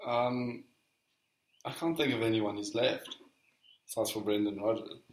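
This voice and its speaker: A man's voice: lowish voice, unhurried, roomy sound, poor audio. A man co-hosting a football podcast, playfully reading quiz quotes to his friend in casual chat. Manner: playful, reads quotes aloud. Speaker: podcast co-host, quiz master.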